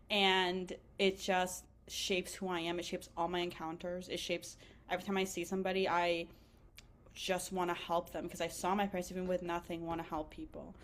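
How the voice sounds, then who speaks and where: A young woman in her twenties, a physician assistant student, talking as a podcast guest in a chatty, emotional way with many fillers. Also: on the low side. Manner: emotional, animated, lots of fillers and laughter. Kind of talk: casual interview chat.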